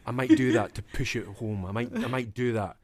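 A man's voice: medium pitch, brisk, no echo. A man guesting on a podcast as an actor, chatting casually, laughing often and trailing off into fillers. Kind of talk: casual chat.

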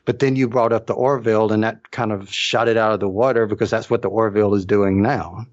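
A man with a lowish voice co-hosting a casual podcast chat, thinking aloud and repeating himself as he works toward a point. The recording sounds dull and lo-fi. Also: steady tone, a little fast. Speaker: podcast co-host.

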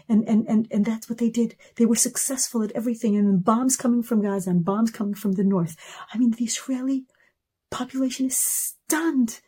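In a video message, a woman in her thirties delivers an emotional personal testimony with passion, stacking repeated words into rising lists. Her voice is medium-pitched, warm and husky.

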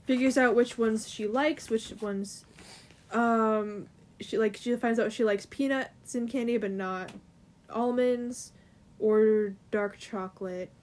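A woman's voice: fairly high pitch, fairly even intonation, slow pace, darkish tone. A young woman co-hosting a casual chat, rambling through a plot recap with lots of fillers. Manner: chatty, rambling, filler-heavy. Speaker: co-host.

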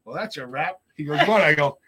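Over a loud crowd, a Lowell, Massachusetts man talks briskly as a podcast guest, telling his recovery story in a casual chat with blunt, animated delivery and impressions of the people in it.

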